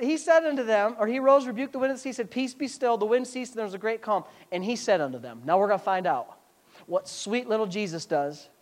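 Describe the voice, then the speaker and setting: A woman pastor preaching a sermon with a sarcastic, animated delivery. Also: mid-range voice.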